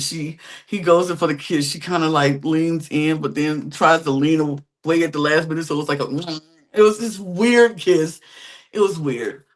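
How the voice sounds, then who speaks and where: A woman hosting a podcast, telling a reality-show story in a lively, gossipy way. She talks casually and drops in slang as she goes. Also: low voice. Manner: animated, chatty storytelling with slangy quips. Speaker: podcast host.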